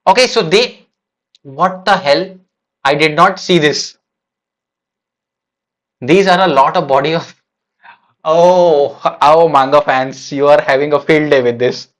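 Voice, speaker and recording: Slowly and with long pauses, a man with a slightly high, somewhat bright voice reacts to a manga chapter on a live stream. He muses casually and haltingly, repeatedly restarting and using fillers.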